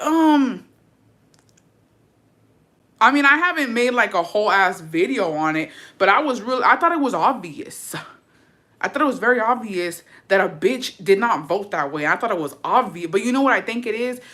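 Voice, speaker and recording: A woman's voice: mid-range voice, a bit bright. A young woman vlogger chatting casually to her viewers, slangy and profane, dropping in Spanish words. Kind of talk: casual chat to camera.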